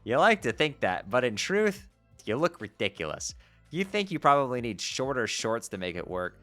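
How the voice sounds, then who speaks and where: A man streaming, reading a webcomic aloud to his chat, animated and quick to swear and rant. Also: medium pitch. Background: faint background music.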